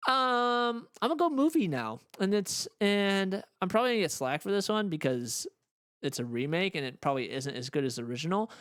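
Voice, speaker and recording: A man's voice: high voice, very animated, brisk, fairly bright tone, clean tone. A man co-hosting a podcast in casual chat, loosely trailing off mid-sentence. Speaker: podcast co-host.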